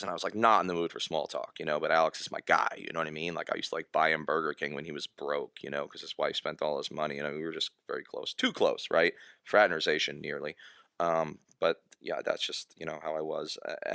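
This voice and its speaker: A retired American army officer, a guest on a podcast, telling a war story in a halting way with many fillers and restarts. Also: male voice, low-pitched, gravelly, bright, forceful tone, no room sound, studio quality. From United States.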